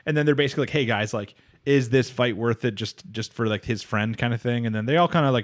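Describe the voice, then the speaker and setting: With a medium-pitched voice and a fast, nearly pause-free delivery, a man co-hosts a casual anime podcast. He rambles through a plot recap full of fillers, acting out the characters' lines, and the studio sound is clean with no echo.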